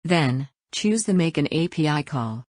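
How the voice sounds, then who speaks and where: A woman narrating a scripted software tutorial, reading each step in an even, instructional way and spelling out acronyms letter by letter. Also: low voice, unhurried, dry recording, clean studio sound.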